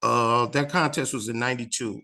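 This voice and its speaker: Chicago comic in his 50s, gravelly and punchy, acts out everybody in the story. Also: mid-range voice, normal speed. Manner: animated storyteller, acts out other people's voices. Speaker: comedian. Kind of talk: storytelling in a casual interview.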